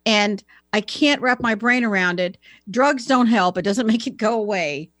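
A woman's voice: mid-range voice, normal speed, a bit bright, dry recording, clean studio sound. A woman co-hosting a talk show who explains things in an earnest, conversational way. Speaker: co-host. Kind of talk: casual discussion.

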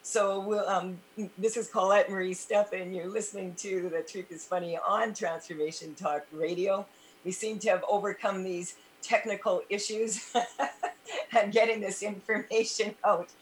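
A woman hosts a talk radio program, chatting with her guest and using plenty of fillers. Her pitch sits in the middle of the range. A faint noise runs under her voice. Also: steady tone, normal speed. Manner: chatty, uses fillers like "you know" and "um". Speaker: radio talk show host. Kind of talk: casual radio interview.

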